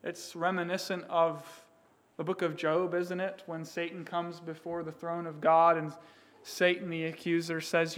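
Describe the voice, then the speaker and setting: A man's voice: on the high side, little pitch movement, a little slow, fairly bright tone. A man preaching a sermon as pastor, with emphatic delivery, voicing the words of figures in the text.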